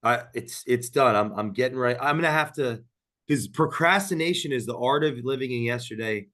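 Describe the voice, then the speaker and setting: A man hosts his podcast in easygoing chat. His voice sits in a middle pitch, and he talks with a restless, joking energy, one thought tumbling into the next. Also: fairly quick. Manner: energetic, rambling, jokey. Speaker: podcast host.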